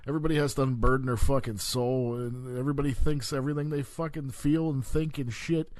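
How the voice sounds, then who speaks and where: A man holds forth in a mellow, darker voice, cursing freely and stumbling over his own fillers as he rants. The sound is close and dry, with no room around it. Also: medium pitch, steady tone, no echo. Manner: heavy swearing, halting with many fillers. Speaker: podcast host. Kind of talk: profane rambling rant.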